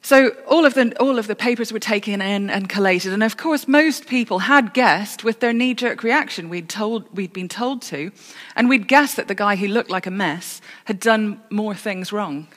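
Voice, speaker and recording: In an echoing church, a woman gives a sermon at a moderate pace with few pauses, her mid-range voice a bit bright. She tells stories, corrects herself, and slips in dry humour.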